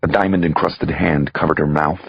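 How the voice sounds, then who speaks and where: A man narrating a crime thriller audiobook in the first person, with a raspy voice and tense, dramatic reading. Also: rumbling low, steady tone, normal speed, dry recording, highs cut off.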